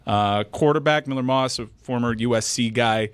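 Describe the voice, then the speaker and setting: Measured man breaking down a college football game. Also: mid-range voice, smooth, dry recording. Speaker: sports talk show co-host. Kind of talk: casual sports talk.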